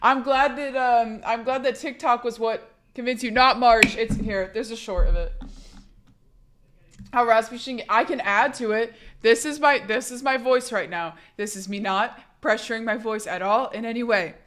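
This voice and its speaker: Young woman streamer, hoarse, chatty and swearing, a little high. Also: normal speed, a bit bright. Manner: chatty, profane, laughing, reading chat aloud. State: hoarse from being sick. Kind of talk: casual live-stream chat.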